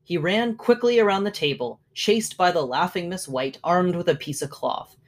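A narrator reading a classic short story aloud in a measured way, letting lines trail off. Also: medium pitch.

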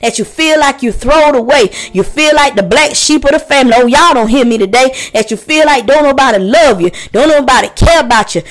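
A woman's voice: high-pitched, fairly quick, hardly any pauses. A woman hosting a preaching podcast, talking passionately to her listeners and calling out to them again and again. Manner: impassioned, calls out to listeners; conversational preaching with repetitions.

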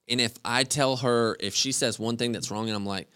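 A man talking as a podcast guest, earnest and halting, often restarting his sentences. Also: medium pitch, fairly bright tone, clean tone, no room sound, studio quality. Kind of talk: casual conversation.

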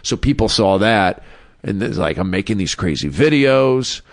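Comedian guest, male, gravelly low voice, rambling casual storyteller, close dry mic. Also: lively intonation, normal speed, no echo. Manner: rambling, full of "like" and restarts. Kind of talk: casual storytelling in a podcast interview.

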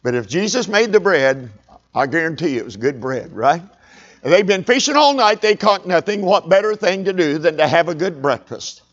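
A man's voice: a little high, highs cut off. A man preaching a sermon, telling a story conversationally and calling for amens.

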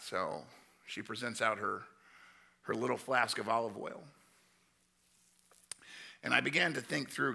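A male pastor giving a sermon, telling Bible stories with animated acted-out voices. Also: medium pitch, measured pace, vocal fry, pauses often, slightly rough. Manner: animated storytelling, acting out voices of Bible figures.

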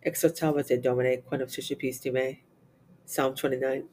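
A man's voice: mid-range voice, moderate pace, slight background noise. Man steadily reciting psalms and prayers. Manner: steady recitation with Latin responses, occasional slips and restarts. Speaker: reader of the Divine Office.

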